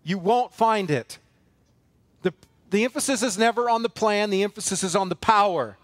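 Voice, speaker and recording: A man's voice: high-pitched, normal speed, a bit bright, no room sound. A man preaching a sermon as pastor of a church, earnest and emphatic, building force through repeated phrases and rhetorical questions. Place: church sanctuary.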